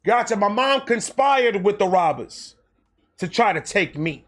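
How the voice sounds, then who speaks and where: A man with a high-pitched voice tells a comedic storytime monologue. He is animated and profane, jumping into quoted voices as he goes. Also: a little slow. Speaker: storytelling host.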